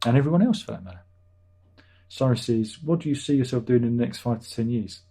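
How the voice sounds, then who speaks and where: A man's voice: medium pitch, animated, moderate pace, mellow. A middle-aged British man hosting a livestream, casually answering viewer chat with dry jokes and chuckles. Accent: British English. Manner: chatty, dry jokey asides, chuckles. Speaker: livestream host reading chat.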